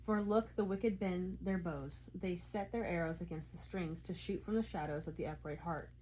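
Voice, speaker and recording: Woman, lowish voice, measured psalm reading, co-host. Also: darkish tone, a little hiss or hum, low-quality recording. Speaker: Bible reader.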